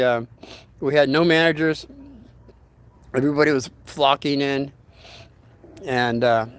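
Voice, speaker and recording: An older man hosting a casual storytelling livestream, rambling in a folksy way and greeting viewers by name as he reads their comments. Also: mid-range voice.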